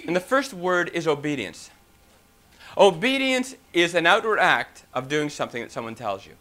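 A man's voice: a little high, sing-song, normal speed, bright, forceful tone. A man preaching a sermon, talking emphatically with rhetorical questions and a few restarts.

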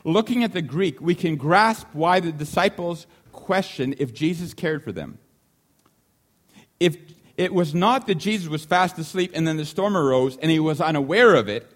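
Animated preacher man, slightly high voice. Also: a little fast. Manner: animated, acts out the disciples' shouting; repeats key lines for emphasis. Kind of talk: sermon.

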